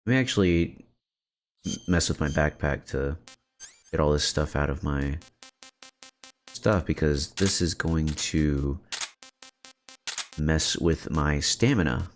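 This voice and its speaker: A man's voice: very deep voice, takes it slowly, long pauses, soft background music. A man streaming a video game, chatting casually and joking with his viewers as he plays. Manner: playful, joking, chats to viewers. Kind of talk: casual gameplay commentary.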